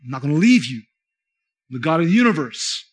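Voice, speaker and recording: A preacher lowering his voice to speak as God. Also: big pitch swings, fast, breathy edge. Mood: assuring. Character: God, calm almighty male voice, reassuring.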